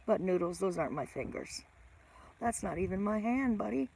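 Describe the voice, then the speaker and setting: A woman's voice: medium pitch, animated, normal speed, gravelly, a little mellow, a little hiss or hum. A middle-aged woman hosting a casual live stream, greeting viewers by name and teasing herself.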